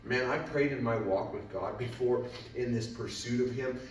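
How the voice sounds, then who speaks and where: A man preaching as a guest speaker, whose voice swings from quiet reflection to loud, fervent pleading in prayer. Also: mid-range voice, normal speed, slight background noise. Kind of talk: sermon. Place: church sanctuary. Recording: echoey church hall from far off.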